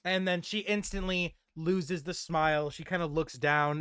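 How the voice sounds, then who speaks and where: A man narrating and running a tabletop role-playing game as game master, lively and animated with sudden loud bursts. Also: a little high, normal speed, few pauses, clear, resonant tone, no echo, clean studio sound.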